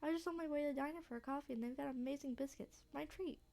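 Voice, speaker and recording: A woman's voice: sits high, very fast, vocal fry, a little mellow. A woman voicing a cheerful, teasing young small-town woman, reading game dialogue with a playful, dramatic delivery. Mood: friendly.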